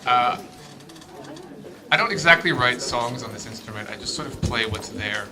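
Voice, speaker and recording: A man's voice: mid-range voice, animated, moderate pace, crowd noise. A man speaking a hesitant, heartfelt memorial tribute in a club hall. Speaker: musician giving a tribute.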